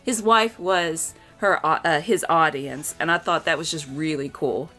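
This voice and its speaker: A woman's voice: sits low, measured pace, sharp tone, soft background music. A woman in her forties giving a casual, chatty book review, openly emotional about what she reads.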